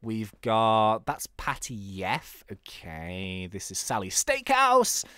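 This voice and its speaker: A man's voice: huge pitch swings, slow pace, bright, forceful tone, clear, resonant tone, no room sound, clean studio sound. A young man giving jokey, playful commentary while playing a game. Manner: playful, jokey, laughs at own jokes, wildly swinging pitch. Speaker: gaming YouTuber. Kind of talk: casual gameplay commentary.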